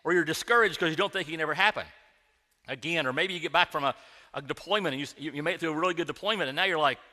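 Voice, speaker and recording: A middle-aged man delivers a sermon in a church sanctuary, his voice bright and a little high. He talks like he's telling a friend a story, circling back and restarting phrases. A long reverb trails behind him in the hall. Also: racing. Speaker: pastor.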